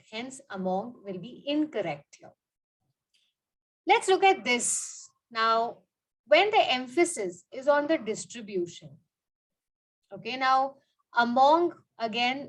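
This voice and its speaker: A woman's voice: fairly high pitch, poor audio. A woman teaching grammar, repeating her points and asking questions as she goes. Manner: repeats points, frequent "okay" and "you know". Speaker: English teacher. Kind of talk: explaining grammar with examples.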